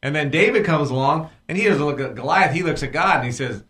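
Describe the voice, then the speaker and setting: A man co-hosting a Christian radio show, retelling Bible stories in an animated way and acting out the quotes. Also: on the high side, fast. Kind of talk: Bible storytelling in radio talk. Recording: echoey room.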